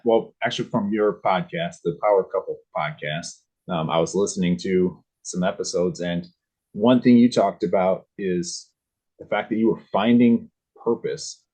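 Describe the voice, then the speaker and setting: A male podcast host with a low, husky voice. He asks his questions in a halting way, restarting his sentences often. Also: a little mellow, rough recording. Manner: hesitant, many fillers and restarts. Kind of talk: casual podcast interview.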